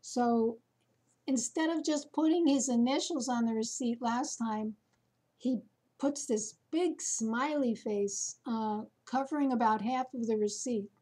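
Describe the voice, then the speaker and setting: A woman chatting casually to her viewers, telling a story slowly with many fillers. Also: fairly high pitch, warm tone. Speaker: vlogger. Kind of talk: casual chat to camera.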